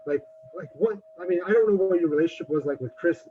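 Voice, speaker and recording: A man hosting a podcast, asking questions in a halting, apologetic way. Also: on the high side. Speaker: podcast host. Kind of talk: casual interview questions. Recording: dull lo-fi sound with faint hum.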